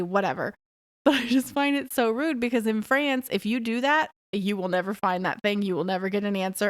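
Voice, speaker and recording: A woman's voice: mid-range voice, dry recording, clean studio sound. A woman in her thirties hosting a podcast alone, talking frankly and bluntly and swearing freely. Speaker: podcast host. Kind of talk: casual monologue podcast.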